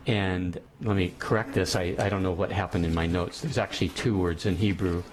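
A man's voice: sits low, fairly even intonation, brisk, few pauses, slight background noise. A man teaching a class, lecturing on ethics and thinking aloud as he goes, often restarting his sentences.

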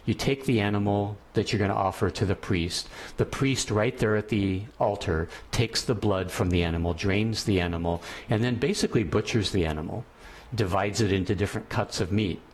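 A man's voice: on the low side, moderate pace, husky. A man teaching a class, lecturing on ethics and thinking aloud as he goes, often restarting his sentences.

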